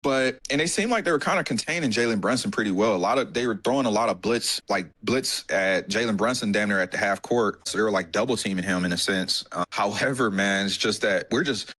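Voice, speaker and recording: A man's voice: lowish voice, brisk, hardly any pauses, low-quality recording. A man hosting a casual sports podcast, talking loosely with slang and restarts. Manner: relaxed, loose slang-heavy talk with restarts. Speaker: podcast host.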